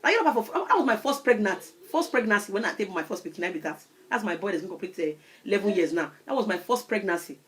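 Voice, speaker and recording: Woman, 30s, Nigerian Pidgin-tinged English, quick animated advice-giver to camera. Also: mid-range voice. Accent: Nigerian Pidgin-influenced English. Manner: animated, repeats "you understand?". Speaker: vlogger.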